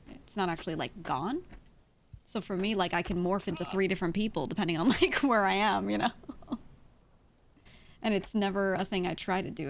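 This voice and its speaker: A woman streamer talking in a casual, rambling way, swearing freely and laughing often. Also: fairly low pitch.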